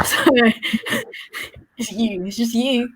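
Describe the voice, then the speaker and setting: A woman's voice: fairly high pitch, takes it slowly, fairly bright tone, slight background noise, low-quality recording. A woman co-hosting a casual chat, giggly and affectionate, sometimes tripping over her words. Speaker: podcast co-host.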